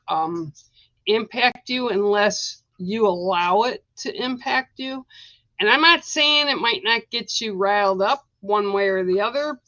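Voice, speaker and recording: Woman psychic reader, live-stream casting: chatty, reassuring, middle pitch, dull dry home audio. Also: a bit bright, no echo. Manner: chatty, reassuring, addresses viewers directly. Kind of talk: live-stream card reading.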